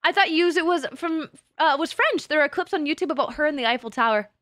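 A woman's voice: high-pitched, animated, quick pace, a bit bright, dry recording, clean studio sound. A woman streaming as a VTuber in casual chat, swearing freely and breaking into laughter often. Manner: profane and giggly, swears often and laughs a lot.

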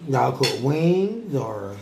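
Gravelly playful man in an echoey room. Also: mid-range voice, big pitch swings, extremely slow. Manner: playful joker, laughing, mimicking voices. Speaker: co-host. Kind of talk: casual mukbang chat. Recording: echoey room with light noise.

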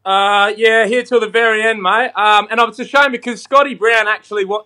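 A young man with an Australian accent talks in a casual podcast chat, full of crude jokes and swearing. His voice sits high and sounds bright. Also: fairly even intonation, normal speed. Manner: crude, swearing, abrasive banter. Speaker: comedian guest.

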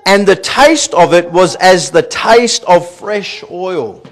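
A man preaching a sermon as pastor in a church, animated, repeating words and laughing at his own stories. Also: high-pitched, takes it slowly. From Australia.

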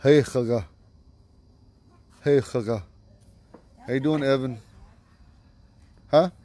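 A man teaching vocabulary to a class outdoors at home, patiently repeating each word slowly. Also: mid-range voice, mellow. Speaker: language teacher.

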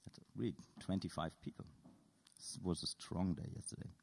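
A man's voice: deep voice, steady tone, normal speed, creaky, big-room sound, a little hiss or hum. A man giving a lecture at an art school, playfully polling the audience with show-of-hands questions and dry humor.

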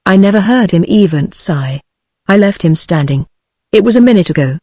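A woman's voice: mid-range voice, moderate pace, no room sound, clean studio sound, natural voice. Brief: bitter peasant daughter, British female TTS reader, level delivery, no acting. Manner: flat, level synthetic delivery. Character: grim, bitter young peasant woman.

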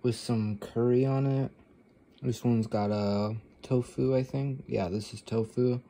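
A man's voice: mid-range voice, fairly even intonation, unhurried, dark tone. A man vlogging offhand at a dinner table, rambling, swearing freely and talking while he chews, recorded on a camera microphone. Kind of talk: casual rambling vlog.

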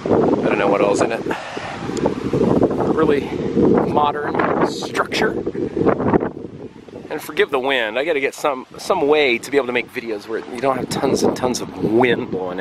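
A man in his forties from the United States, chatting casually and excitably as he walks and vlogs outdoors, out of breath on a climb. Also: medium pitch. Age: 40s. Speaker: travel vlogger. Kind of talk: casual walking vlog. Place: outdoors in a windy town and hillside. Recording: wind noise on outdoor mic.

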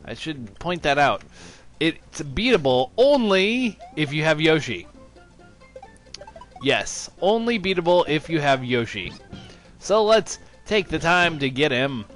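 Slow, sarcastic game commentator man. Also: a little high, big pitch swings, fairly bright tone, faint music behind. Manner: mock-enthusiastic, sarcastic. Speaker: let's-play commentator.

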